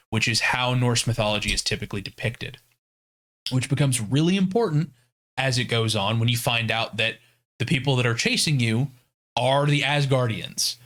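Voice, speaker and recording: A man's voice: medium pitch, fairly bright tone. A man co-hosting a podcast, retelling a game's story in casual, profane chat. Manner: profane, storytelling with acted-out quotes. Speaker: podcast co-host.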